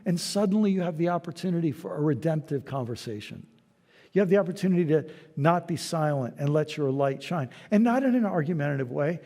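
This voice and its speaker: A man's voice: a little high, expressive, brisk, mellow. A man giving a conversational church lecture, telling stories and acting out short dialogues. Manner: storytelling, acting out little dialogues. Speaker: guest lecturer. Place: large church hall. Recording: long hall reverb.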